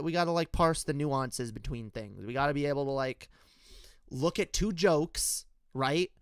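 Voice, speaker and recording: A young man with a higher-pitched voice that comes across smooth and resonant, recorded close and dry. He rants in an unscripted, heated way, swearing often and circling back through restarts as he argues with his viewers. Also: no echo. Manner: heated, profane, rambling with restarts; argumentative, addresses viewers directly. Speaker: political commentator. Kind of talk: unscripted rant-style commentary.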